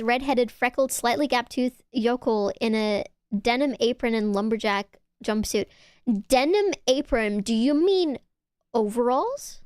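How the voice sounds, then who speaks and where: A young woman streamer in casual chat, reading messages aloud and teasing her viewers, swearing and getting excitable. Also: on the high side, smooth, no room sound, clean studio sound.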